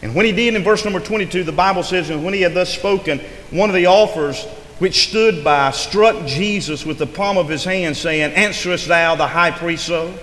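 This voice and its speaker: A man's voice: high voice, brisk, a bit bright. A man preaching a sermon in a rising and falling preaching cadence, often stressing his words. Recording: echoey hall with long reverb, faint noise.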